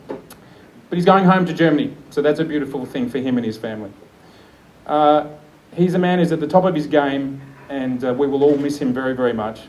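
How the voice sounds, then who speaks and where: A man's voice: mid-range voice, a little fast, a little mellow, a little hiss or hum, poor audio. Enthusiastic man giving a launch speech. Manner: enthusiastic, chatty, laughs often. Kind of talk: live speech to an audience. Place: event room with an audience.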